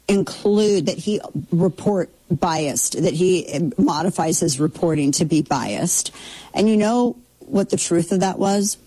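A middle-aged woman riffs through casual commentary with a sarcastic, opinionated edge. Her voice sits a little low and sounds mellow rather than bright. She throws in mocking asides as she talks. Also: breathy edge, poor audio. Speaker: commentary show host.

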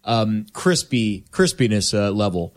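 A man's voice: lowish voice, sing-song, a little slow. A man on a sports talk panel, rambling through points with homespun comparisons. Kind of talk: casual sports debate.

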